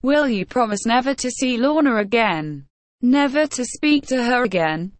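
A woman voicing a stern, dying old nobleman who speaks slowly and measuredly. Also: fairly high pitch, lively intonation, no echo, close to an everyday voice. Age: older.

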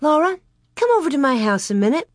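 A woman doing a lively friendly neighbor wife. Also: high voice, fast, dry recording, clean studio sound, voice pushed up.

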